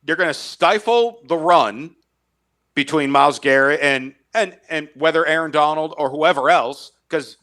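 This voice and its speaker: A man holds forth on a casual sports talk podcast, his voice bright and forceful and sitting a little high. He repeats words as he builds his argument and chuckles at his own bold calls. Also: unhurried.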